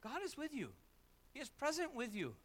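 A man preaching in a church sanctuary, his voice pitched high and bright with a tense edge. He presses his points by repeating key phrases and slips in wry asides about himself. The sound carries a long reverb from the large room. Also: wildly swooping pitch, normal speed. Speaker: pastor. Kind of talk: sermon.

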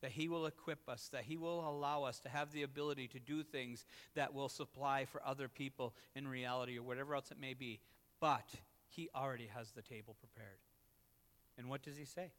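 A man preaching a sermon, telling a scripture story with animated swings between loud excitement and quiet, earnest emphasis. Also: mid-range voice, fairly quick, in a large hall. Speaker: pastor.

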